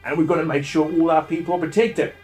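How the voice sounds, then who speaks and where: A man's voice: fairly high pitch, fairly even intonation, fast, faint music behind, voice pushed up, lightly acted. A man voicing a brash male survivor-camp leader who barks orders and swears. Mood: commanding. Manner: loud, commanding, swearing.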